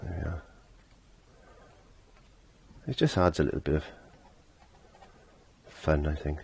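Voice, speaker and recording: A man's voice: rumbling low, animated, slow, creaky, a little mellow, husky. A middle-aged man teaching a casual painting lesson, chatty and laughing at himself, trailing off when he concentrates.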